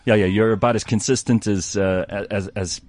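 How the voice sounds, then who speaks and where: A man hosting a radio talk show, chatty and quick. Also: fairly low pitch, steady tone, darkish tone. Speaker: radio host. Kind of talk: casual radio chat.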